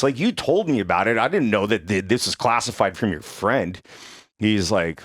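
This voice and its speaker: A young man hosting a podcast, telling a story in a casual, profane and animated way. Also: on the low side, brisk, dry recording, clean studio sound. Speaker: podcast host.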